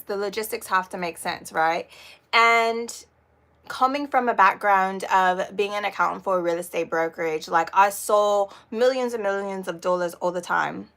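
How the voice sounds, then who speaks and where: A woman's voice: medium pitch, fairly bright tone. A young adult woman chatting casually on a live stream, rambling, swearing freely and laughing often. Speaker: vlogger.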